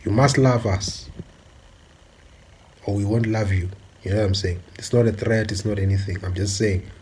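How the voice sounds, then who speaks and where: A man from South Africa delivering a forceful, repetitive monologue with many filler pauses. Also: fairly low pitch, steady tone, a little hiss or hum. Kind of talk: impassioned monologue.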